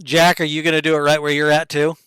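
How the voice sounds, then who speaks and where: A man's voice: on the high side, monotone, fast talker, fairly bright tone, clear, resonant tone, low-quality recording. A man acting as game master of an online tabletop game, laid-back and chatty, on a desk mic.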